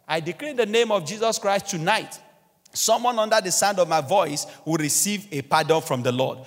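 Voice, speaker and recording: High-voiced male pastor preaching fervently. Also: moderate pace. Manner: fervent preaching with repeated exhortations. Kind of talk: sermon. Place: church. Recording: long church reverb, faint music behind.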